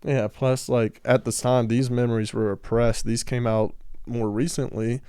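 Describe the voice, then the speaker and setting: A man's voice: mid-range voice, little pitch movement, normal speed, dark tone, smooth, no echo, studio quality. A man from Georgia, talking frankly and candidly in a casual podcast conversation.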